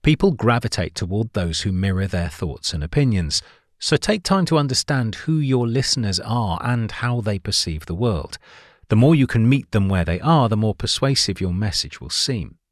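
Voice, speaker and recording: Lively low-voiced male book narrator. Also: no room sound, clean studio sound. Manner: clear, measured delivery with emphatic rises on signpost words. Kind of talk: scripted narration of a book summary.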